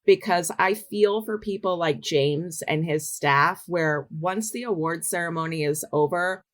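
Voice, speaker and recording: A middle-aged woman, a dance adjudicator and studio owner, giving measured advice as a podcast guest. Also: lowish voice. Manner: measured, advisory.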